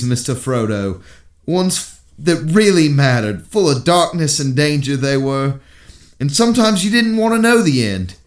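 Guy putting on an earnest hobbit, fake english accent, higher and louder than his own voice. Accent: put-on English. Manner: heartfelt recited monologue, halting. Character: loyal earnest young male hobbit gardener.

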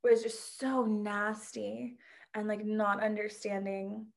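A woman who owns a pole dance studio, chatting casually and telling stories with lively quoted voices. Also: mid-range voice, slow pace, vocal fry. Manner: animated storyteller, quotes people with lively voices. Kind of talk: casual chat.

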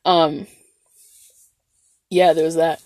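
A woman's voice: low voice, slow pace, no room sound, clean studio sound. A young woman telling a story in a casual vlog, rambling and swearing, with lots of fillers and restarts. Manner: rambling, profane, animated storytelling with many fillers.

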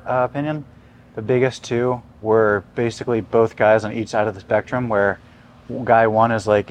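A young man coaching on a casual podcast, talking in a relaxed way full of "like" fillers. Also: fairly low pitch, normal speed, a little hiss or hum. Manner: relaxed, filler-heavy, lots of "like".

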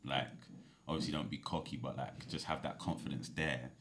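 A young man, an actor telling stories as a guest in a casual podcast chat, animated and full of slang. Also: very deep voice, moderate pace, noisy background.

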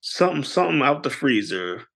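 Animated gravelly-voiced man telling a story. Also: fairly quick. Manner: animated, jumps into high voices when quoting people. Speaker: podcast co-host. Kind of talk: casual storytelling chat.

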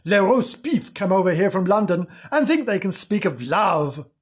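A man performs a pompous Parisian bookseller who looks down on everyone, in a storybook reading. The voice sits a little high and a touch husky, and every line drips with affected snobbery. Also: very animated, moderate pace, heavily acted. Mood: mocking. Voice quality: haughty, affected.

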